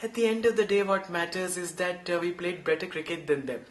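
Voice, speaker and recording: A man impersonating a modest male star batsman giving a quiet, humble post-match answer. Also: sits high, brisk, far from the mic, lightly acted. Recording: roomy echo.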